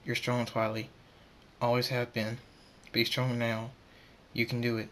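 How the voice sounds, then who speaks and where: A man voicing a young male pegasus pony who speaks gently and reassuringly in a quiet, low-key way. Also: completely flat delivery, unhurried, natural voice. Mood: comforting.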